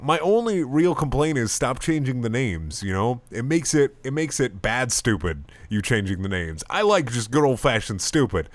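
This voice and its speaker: A man's voice: mid-range voice, sing-song, moderate pace, few pauses, dry recording. A man giving a comedic, sarcastic reading of fan fiction, swearing and laughing as he goes.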